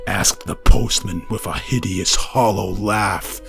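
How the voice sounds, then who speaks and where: A man's voice: lowish voice, slow pace, creaky, hardly any pauses, breathy edge, dry recording, faint music behind. A man reading a children's scary story aloud in a dramatic way, building tension. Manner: dramatic, builds tension, rising to near-shouting at scary moments.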